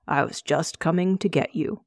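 A frail old man speaks slowly and calmly in a storybook reading, voiced by a woman. His words are plain and unhurried, the voice low and dry. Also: creaky, dry recording. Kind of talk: audiobook reading.

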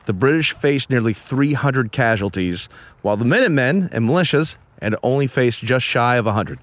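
A man's voice: mid-range voice, expressive, normal speed. Man, podcast host, outdoor travelogue narration, reads inscriptions with gusto, mid-range voice. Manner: reads monument inscriptions aloud with relish. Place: outdoors at historic sites.

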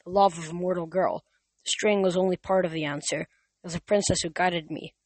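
Brief: a reader doing a young hero's ghost, lifeless and fearful, slow and faltering, dry close sound. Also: medium pitch, steady tone, breathy edge, dry recording. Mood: hollow, fearful. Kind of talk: amateur audiobook reading.

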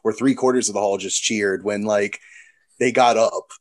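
A man's voice: on the low side, steady tone, moderate pace. A man co-hosting a podcast, telling a personal anecdote in casual chat and laughing between lines. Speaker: podcast co-host.

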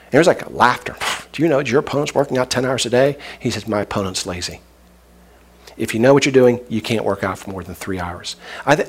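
Male pastor, husky tone, casual joking sermon delivery. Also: mid-range voice. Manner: conversational, joking preacher who acts out voices.

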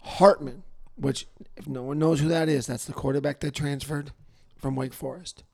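A man co-hosting a sports podcast in casual chat, jokey and excitable, getting loud then dropping to a mumble. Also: on the high side, moderate pace, gravelly. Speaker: podcast co-host.

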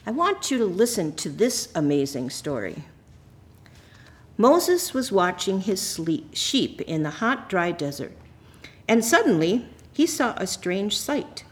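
A woman reads scripture aloud at a church service, then turns to the children with a gentle storytelling manner. Her voice sits at an ordinary middle pitch. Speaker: lay reader and children's message leader. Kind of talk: scripture reading and children's sermon.

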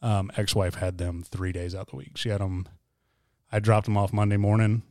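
A man's voice: on the low side, flat delivery, normal speed, darkish tone, no echo, clean studio sound. A man in his thirties, co-hosting a podcast and telling candid, self-mocking stories about his life in casual chat. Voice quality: voice turns gravelly when whispering. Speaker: podcast co-host and guest.

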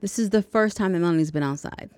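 A woman's voice: fairly low pitch, fast talker, darkish tone, dry recording. A woman hosting a podcast, casually retelling a movie's plot with chatty, jokey asides. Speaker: podcast host.

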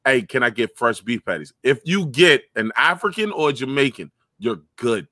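A young man in casual chat, telling stories loudly with slang and lots of swearing. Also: medium pitch, moderate pace, dry recording, studio quality. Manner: loud, profane, animated storytelling with slang.

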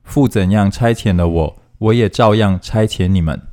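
A man reading Bible passages aloud in a steady, formal manner, phrase by phrase. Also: lowish voice, normal speed. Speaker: scripture reader.

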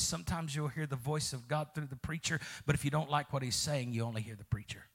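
A man pastor, preaching a fervent sermon, calling out to the congregation, with sudden shouts and soft drops. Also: fairly high pitch, steady tone, brisk, few pauses. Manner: calls out to congregation.

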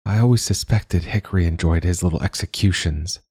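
A man voicing a calm, earnest young female recruit in an audiobook story. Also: deep voice, normal speed, husky, no echo.

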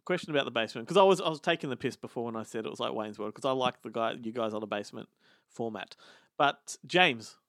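A host with a mid-pitched voice interviews his guests in a chatty, teasing way. His voice sounds close and dry. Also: quick pace, a bit bright, dry recording. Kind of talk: casual interview.

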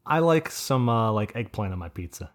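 A man's voice: lowish voice, animated, normal speed. A man, co-hosting a podcast and telling stories in a rambling, profane, casual way. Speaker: podcast host. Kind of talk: casual chat.

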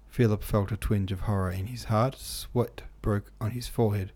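A man reading a classic novel aloud in a steady, measured way, with the odd small slip. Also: fairly low pitch. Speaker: audiobook narrator.

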